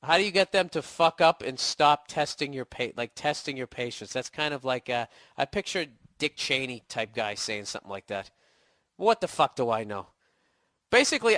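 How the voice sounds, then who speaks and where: A man's voice: on the high side, a bit bright, dry recording, clean studio sound. A man getting over a cold, ranting casually and profanely as a podcast host, blunt and sarcastic. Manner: blunt, swearing, sarcastic asides. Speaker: podcast host answering a listener email. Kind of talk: casual profane comedic rant.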